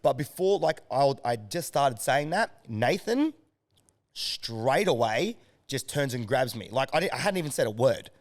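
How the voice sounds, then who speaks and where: A man's voice: medium pitch, unhurried. An Australian man, a strength coach, chatting casually as a podcast guest and telling stories with lots of energy and swearing. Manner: animated storyteller, swears freely.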